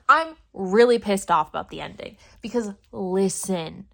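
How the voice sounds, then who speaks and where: A woman's voice: medium pitch, animated, measured pace, vocal fry, fairly bright tone. A young woman vlogging casually about books, ranting dramatically and swearing in mock outrage. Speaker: book vlogger. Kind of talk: casual reading vlog rant.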